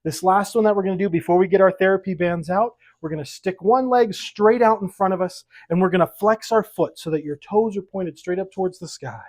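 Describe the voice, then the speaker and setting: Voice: medium pitch, a little fast, hardly any pauses, a little mellow. A fitness instructor leading a seated exercise class at home, counting reps aloud and coaching with light jokes. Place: at home with pets around.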